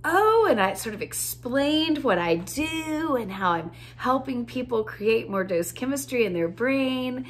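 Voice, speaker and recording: A woman's voice: fairly high pitch, animated, measured pace, hardly any pauses, slight background noise. A woman coach casually telling a funny story, easygoing, with frequent fillers and laughter. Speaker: joy coach.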